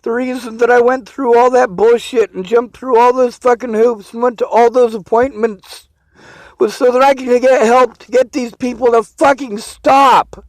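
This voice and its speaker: A man's voice: extremely high pitch, steady tone, moderate pace, dry recording, low-quality recording. A man in a bitter, swearing personal rant to camera, venting his grievances in outbursts. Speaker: vlogger.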